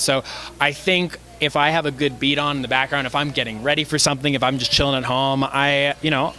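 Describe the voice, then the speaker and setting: A man's voice: medium pitch, sharp tone. A young man from Canada, an actor being interviewed, friendly and easygoing, laughing often. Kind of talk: casual interview.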